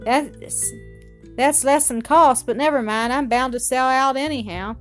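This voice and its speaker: A woman's voice: high voice, a little slow, soft background music. Woman doing an eager young newsboy.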